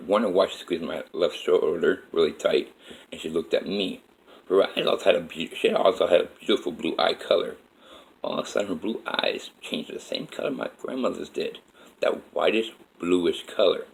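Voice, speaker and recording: A man with a deep, gravelly voice tells a personal story from his own life. He rambles and circles back, repeating himself and leaning on "like" as he goes. The telling is loose and unscripted. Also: normal speed, rough recording. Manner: rambling, repetitive retelling with many "like" fillers.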